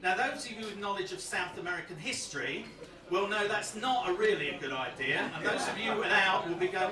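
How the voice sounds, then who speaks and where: A man's voice: high-pitched, expressive, a little fast, a crowd in the background. A man in his fifties doing a rambling, self-mocking stand-up routine on a comedy club stage. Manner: rambling, self-mocking, frequent 'so' restarts. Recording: echoey venue, distant mic, loud audience.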